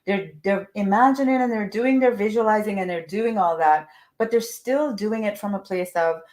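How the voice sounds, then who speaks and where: A woman's voice: mid-range voice, normal speed, hardly any pauses, a little mellow. A woman coaching her audience in a live motivational talk, emphatic and fond of repeating phrases for effect. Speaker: manifestation coach.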